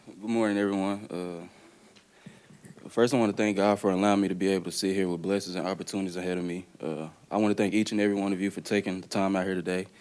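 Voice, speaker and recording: A young man from the Dallas area reads a prepared statement at a press conference. His voice is deep, smooth and clean, and he delivers it in an even, level tone. He speaks earnestly and fills pauses with uhs and ums. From Dallas area, Texas. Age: young adult. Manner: plain, earnest delivery with frequent "uh" and "um". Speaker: college basketball player.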